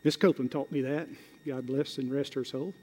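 Impassioned preacher in a reverberant hall. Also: male voice, mid-range voice, fairly even intonation, breathy edge. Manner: building from slow and hushed to loud, rising exhortation; emphatic, drawn-out words and repetition. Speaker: pastor. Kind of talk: sermon.

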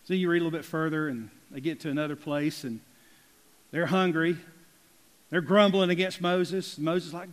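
A man's voice: fairly high pitch, moderate pace. Emphatic folksy man preaching, hall echo. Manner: folksy, emphatic preaching with big swings in loudness. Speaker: pastor. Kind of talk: sermon. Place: church sanctuary.

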